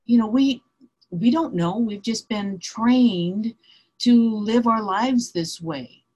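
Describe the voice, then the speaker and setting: A woman spiritual teacher explaining her ideas in a calm, meditative way during a reflective conversation. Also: a little high, slow, breathy edge.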